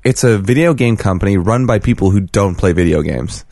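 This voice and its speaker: A young man hosts a podcast in casual chat, with a sardonic, deadpan edge and plenty of swearing. His voice is very deep. The recording is close and dry. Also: a little fast, no room sound. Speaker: podcast host.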